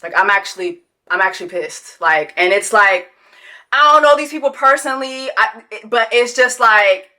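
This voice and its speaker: A woman's voice: mid-range voice, sharp tone. A woman, giving a sassy, profane reality TV reaction commentary that mocks its subject and breaks into sung quacking. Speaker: commentary host.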